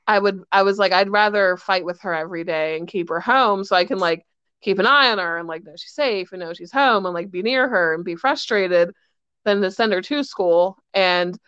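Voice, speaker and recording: Woman, thirties, casual podcast chat, filler-heavy, smooth voice, muffled lo-fi sound. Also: mid-range voice, fairly bright tone, no echo. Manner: chatty, lots of fillers, quick asides. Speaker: podcast co-host. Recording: dry, dull lo-fi sound.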